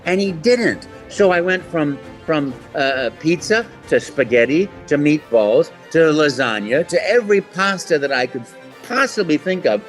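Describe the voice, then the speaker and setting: A voice actor appears as a guest in a casual interview, telling stories in a slightly high, unhurried voice with faint music behind him. He's animated, acting out the voices in his anecdotes.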